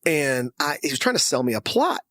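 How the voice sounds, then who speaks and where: Give me a man from Texas telling a personal story, animated, with a dry close sound. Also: on the high side, fairly quick, no room sound. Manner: animated storyteller who acts out dialogue. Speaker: podcast guest.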